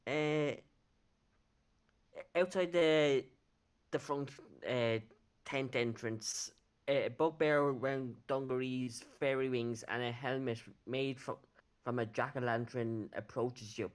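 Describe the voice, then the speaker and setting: A man runs a tabletop session as game master. He narrates at a slow, careful pace, pausing often on fillers as he describes the scene. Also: mid-range voice, smooth. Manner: unhurried narration with frequent fillers.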